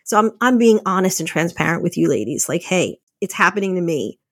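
A woman's voice: fairly low pitch, sing-song, a little fast, no room sound, studio quality. A woman in her thirties hosting a podcast, talking candidly and chattily to listeners and laughing often as she goes. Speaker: podcast host. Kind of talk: casual motivational talk.

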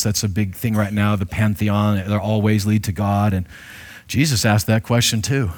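A man's voice: fairly low pitch, steady tone, moderate pace, darkish tone. A man preaching a sermon as pastor, reading scripture and explaining it in a conversational, playful way with frequent restarts.

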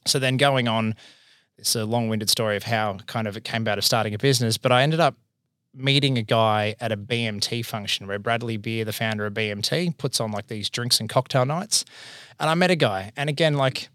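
An Australian man in his thirties, an accountant and business owner, telling his career story in a casual, animated way, acting out the voices he quotes. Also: mid-range voice, fairly quick, no echo, studio quality.

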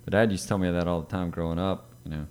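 An easygoing young man with a very deep voice, chatting as a podcast co-host. He speaks in a low-key, relaxed way. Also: racing, smooth. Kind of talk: casual chat.

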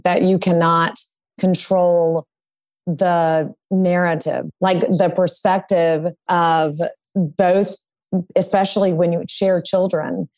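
Low-voiced woman attorney guest. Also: a little mellow, dry recording. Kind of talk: conversational interview.

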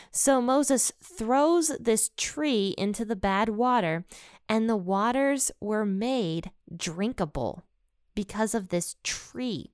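A woman casually reading and explaining a Bible passage in a chatty, relaxed way, her voice slightly worn. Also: medium pitch, slow pace, clear, resonant tone, dry recording, clean studio sound. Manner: chatty and relaxed, with light chuckles and asides. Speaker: Bible study teacher.

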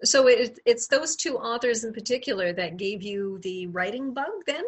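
A woman's voice: a little high, normal speed, breathy edge. A woman hosting a podcast, casually framing questions for her guests and repeating words as she goes. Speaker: podcast host. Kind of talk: casual interview chat.

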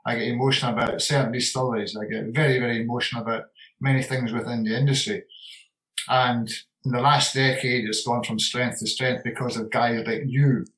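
A man's voice: mid-range voice, little pitch movement, fairly quick, poor audio. Older man, rambling and heartfelt. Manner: warm, rambling, repeats words for emphasis. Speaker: retiring distillery manager and whisky blender. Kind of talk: relaxed interview conversation.

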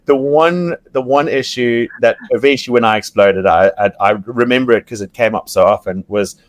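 A man talks casually as a guest, recorded dry and close with no room sound. He is animated, laughing often and swearing, and he restarts his sentences a lot. His pitch sits in the middle for a man. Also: normal speed, no echo. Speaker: podcast guest, reality TV yacht crew member. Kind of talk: casual storytelling chat.

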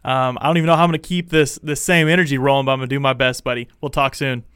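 A young man hosting a casual sports fan show, excitable and rambling, full of restarts. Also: mid-range voice, racing, clear, resonant tone. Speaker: podcast host.

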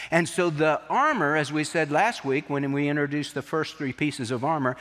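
A man preaches through scripture with a higher-than-usual voice. His sermon builds to emphatic, forceful peaks. A long reverb trails each phrase, as if he is in a large hall. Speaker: pastor.

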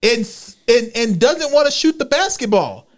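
A high-pitched Houston man co-hosts a podcast, joking loudly and cutting in. His delivery is animated and opinionated. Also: unhurried. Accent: Houston, Texas. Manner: joking, animated, talks over others. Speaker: podcast co-host. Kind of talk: casual chat. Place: podcast studio.

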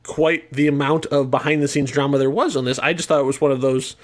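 A man co-hosting a podcast, talking through film picks in a relaxed, conversational way. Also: medium pitch, quick pace. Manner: relaxed, conversational, some restarts. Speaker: podcast co-host. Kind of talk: casual movie chat.

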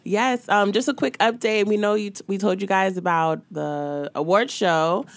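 A woman's voice: medium pitch, moderate pace, no echo. A woman hosting a podcast in a casual, upbeat way, with lots of fillers and agreeing. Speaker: podcast host.

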